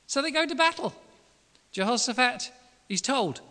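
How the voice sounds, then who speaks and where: Man, preacher, colloquial sermon, bright voice, long hall reverb. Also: very high-pitched, moderate pace. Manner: lively, colloquial, acts out quotes. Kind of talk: sermon retelling a Bible story.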